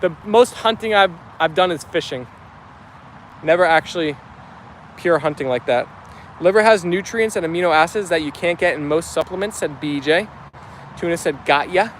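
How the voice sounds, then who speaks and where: Young man from New Jersey, New York Italian accent, high voice, upbeat and chatty, faint traffic outdoors. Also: moderate pace. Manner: chatty, upbeat, many fillers. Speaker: vlogger reading live chat. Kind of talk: casual chat reading comments aloud.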